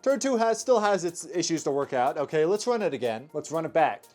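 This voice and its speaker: Young male host, high voice, upbeat race-caller delivery over faint music. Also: brisk. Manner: energetic play-by-play commentary. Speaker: toy car race host. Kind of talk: race commentary vlog.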